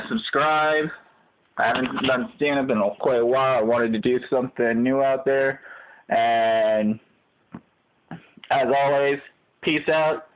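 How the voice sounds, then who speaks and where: A young man signing off a homemade comedy sketch, talking in a casual, brash way. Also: medium pitch. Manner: loud, brash trash talk, much shouting and repetition. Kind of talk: one-man comedy sketch, playing several characters. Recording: tinny phone-quality recording.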